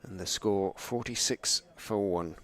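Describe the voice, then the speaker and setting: A man giving live cricket commentary, chatty between balls and excitable when a chance goes down. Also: lowish voice, measured pace.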